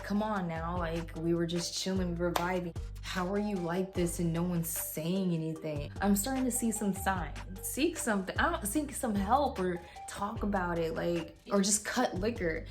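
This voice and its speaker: A young woman vlogger casually telling a story at home, animated and swearing freely as she acts out what people said. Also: fairly low pitch. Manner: animated, swears freely, voices others in quotes. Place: home room with a heater.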